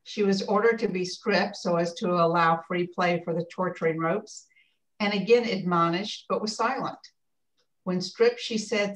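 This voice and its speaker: A woman's voice: mid-range voice, normal speed, distant mic, low-quality recording. Woman reading aloud from afar on a video call. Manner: steady reading with brief slips. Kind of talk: reading a text aloud in class.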